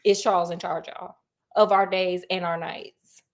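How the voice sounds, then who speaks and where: A woman storyteller retelling a classic mystery in an animated, slangy way, asking her listeners questions. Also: fairly low pitch, a little slow.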